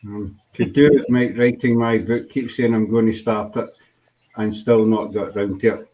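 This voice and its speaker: A man's voice: fairly low pitch, flat delivery, moderate pace, dark tone, low-quality recording. A Scottish man hosting a casual live show, joking about himself and laughing often. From Scotland. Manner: jokey, self-mocking, laughs often. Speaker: host.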